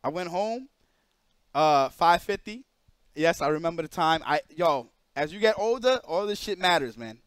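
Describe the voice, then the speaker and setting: A male streamer telling an animated story to his chat, emphatic and repetitive. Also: on the high side, moderate pace, smooth, no echo, studio quality. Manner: emphatic, repeats phrases, drops into quoted voices of others.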